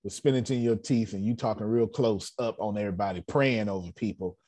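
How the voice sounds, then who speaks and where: This animated motivational talk comes from a man coaching an online business meeting. His voice is fairly low, mellow and fairly quick, and his delivery is blunt and jokey, with phrases repeated in a preacher-like cadence.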